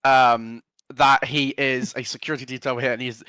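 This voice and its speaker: A man's voice: medium pitch, little pitch movement, normal speed, sharp tone, clean tone, no room sound. A man playing a tabletop game, chatting casually and asking curious questions full of fillers. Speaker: player.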